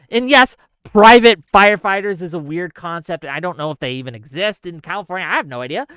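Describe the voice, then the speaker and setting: A man's voice: high-pitched, animated, fairly quick, bright, forceful tone, clear, resonant tone, no echo. A male streamer talking straight to his live chat, emphatic and given to heated, swearing rants with asides to the audience. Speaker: streamer host.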